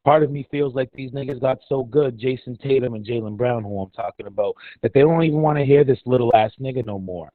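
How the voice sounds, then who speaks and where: A man's voice: medium pitch, quick pace, few pauses, dry recording. Man, fired-up sports rant, sarcastic, swearing, dry close sound. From Dominican heritage. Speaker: podcast co-host. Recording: dry, tinny phone-like line.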